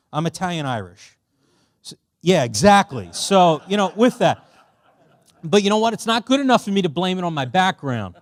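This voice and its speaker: Middle-aged man, church workshop speaker, fairly high voice, dry close sound, chatty and boisterous. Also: dry recording. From Philadelphia. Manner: animated, conversational, loud and boisterous by his own account; casual, with many fillers and asides to the audience.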